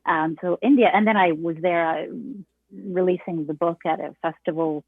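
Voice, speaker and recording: An older woman with a fairly low voice talks in a relaxed, rambling way, often restarting her sentences. She comes through a thin phone-like line. The sound is dry, with no room around it. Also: moderate pace, dry recording. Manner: rambling, many restarts and laughs, reflective. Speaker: guest songwriter and author. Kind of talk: casual interview chat.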